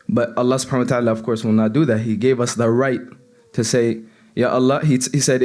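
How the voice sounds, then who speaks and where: Young guy giving a casual sermon, earnest, restarts a lot, mid-pitched voice. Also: steady tone, fast, a little mellow. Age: young adult. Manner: earnest, conversational, with frequent restarts. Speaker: seminary student giving a reminder. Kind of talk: informal sermon.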